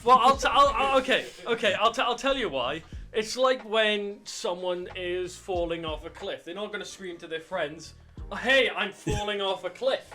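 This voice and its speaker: A man's voice: high voice, moderate pace, few pauses, pushed and bright, soft background music. A man co-hosting a podcast, joking and telling stories in casual chat. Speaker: podcast co-host.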